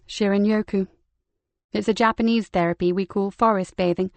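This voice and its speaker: A woman voicing a brisk older woman, retired from the military, chatty and gently teasing. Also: medium pitch, steady tone, dry recording, close to an everyday voice.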